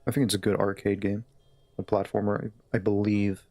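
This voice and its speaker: A man's voice: on the low side, level tone, a little fast, dark tone, no room sound, faint music behind. A man live-streaming a game, chatting in a laid-back, easygoing way with his viewers. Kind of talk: casual live-stream chat.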